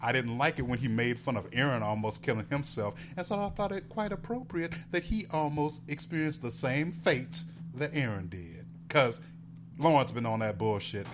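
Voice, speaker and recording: A man's voice: normal speed, noisy background. A man co-hosting a casual podcast, ranting and laughing, with lots of swearing. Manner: animated, swearing, laughing, jumps high when outraged. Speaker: podcast co-host reviewing soaps. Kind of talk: casual profane chat.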